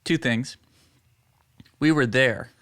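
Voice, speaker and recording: A man's voice: mid-range voice, slow pace, fairly bright tone. A man co-hosting a podcast, talking casually and reflectively and asking follow-up questions. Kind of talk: casual conversation.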